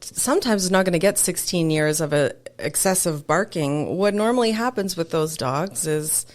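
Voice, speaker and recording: A woman co-hosting a dog-training podcast, chatting casually with quick, playful remarks. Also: fairly low pitch, animated. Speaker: podcast co-host.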